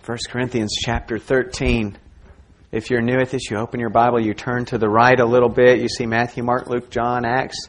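This pastor's sermon is dramatic, swinging from loud, emphatic moments to near whispers. He speaks at a moderate pace with medium pitch and a flat delivery.

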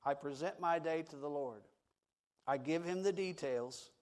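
A man preaching a sermon, swinging from loud emphatic passages to hushed, quiet tones. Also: a little high. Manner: slow, deliberate delivery. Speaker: pastor.

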